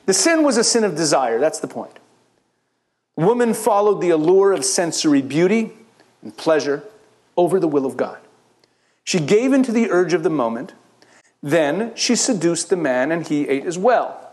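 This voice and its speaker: A middle-aged man from Israel, a rabbi giving a sermon-style Bible teaching to a church audience, telling the story with lively asides and acting out the characters' lines. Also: on the high side, moderate pace. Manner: animated storytelling, acts out the biblical characters in quoted voices.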